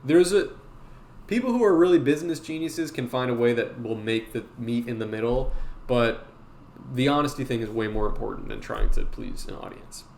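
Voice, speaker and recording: A man's voice: mid-range voice, moderate pace, a little mellow, a little hiss or hum. Rambling, profane male art streamer. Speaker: art streamer teaching a drawing class. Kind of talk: casual live-stream talk.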